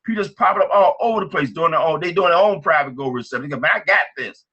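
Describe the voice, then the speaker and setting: Pep-talk team leader, man, bright and a bit high, energetic and repetitive. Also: rapid-fire, husky, dull audio. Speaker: team leader on a business training call.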